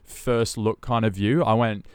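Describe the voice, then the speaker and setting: A man hosting a casual podcast chat, easygoing and quick to agree. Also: on the low side, fairly even intonation, smooth, no echo. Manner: easygoing, frequent short agreements.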